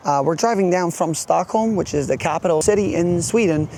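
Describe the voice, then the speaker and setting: A man's voice: high-pitched, brisk, mellow, a little hiss or hum. A man vlogging as a truck driver, chatting loosely and rambling with lots of fillers, filmed on a handheld camera by his truck and in the cab. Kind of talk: casual vlog walkthrough. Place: outdoors beside a truck, then in the cab.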